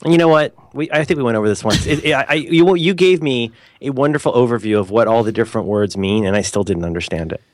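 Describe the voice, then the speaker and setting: American man, mid-pitched, inquisitive and rambling, dry close recording. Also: fast talker, few pauses, no echo. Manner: rambling, inquisitive, stumbling over words. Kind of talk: casual chat.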